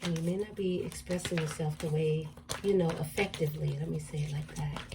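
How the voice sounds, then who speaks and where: A woman's voice: deep voice, fairly even intonation, a little fast, distant mic, noisy background. A woman doing a casual tarot reading, musing aloud and repeating card affirmations. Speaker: tarot reader.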